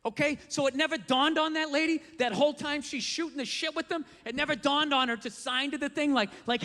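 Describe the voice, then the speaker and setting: High, bright, ranting male comic. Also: a little fast, few pauses. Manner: ranting, profane, exasperated. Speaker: stand-up comedian. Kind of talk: stand-up comedy set. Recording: live hall reverb, faint noise.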